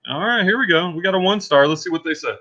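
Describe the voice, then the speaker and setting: A man hosting a casual live stream, animated and chatty, reading book reviews aloud with a Texan accent. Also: sits high, fast. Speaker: host. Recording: slightly muffled live-stream audio.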